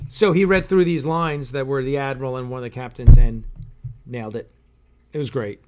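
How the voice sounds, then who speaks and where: A man's voice: medium pitch, fairly even intonation, brisk, darkish tone. Rambling middle-aged man hosting a chat. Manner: rambling, with many fillers and restarts. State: sipping coffee while talking. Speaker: show host and producer. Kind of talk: casual live-stream chat reading viewer comments.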